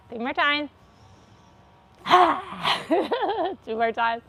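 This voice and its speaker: Casting: upbeat, fairly high-voiced woman instructor leading guided stretches and laughter yoga. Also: big pitch swings, very slow, gravelly, long pauses, bright, forceful tone, slight background noise. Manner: upbeat, encouraging, playful. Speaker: wellness instructor. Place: livestream.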